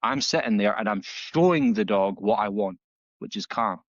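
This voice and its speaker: A man, a dog trainer guest on a podcast, telling stories in a casual, animated way and acting out the dialogue with many restarts. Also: fairly low pitch, moderate pace, dry recording. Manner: animated storytelling, acts out dialogue with frequent restarts. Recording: slightly dull, dry audio.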